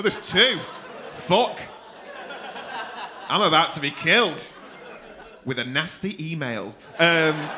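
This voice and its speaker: A man's voice: sits high, noisy background. A man hosting a comedy club, teasing the audience with sweary crowd-work banter.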